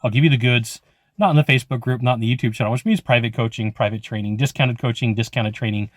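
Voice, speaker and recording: A California HVAC sales trainer with a mid-range voice talks quickly to camera in a casual, instructional way, recorded dry with clean studio sound. He's blunt and emphatic, acting out customer conversations through stories with quoted dialogue.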